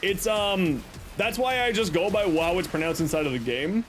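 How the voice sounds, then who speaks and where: With faint music in the background, a high-pitched young man chats casually at a moderate pace on a game stream. He's playful and teasing, leaning on deadpan jokes.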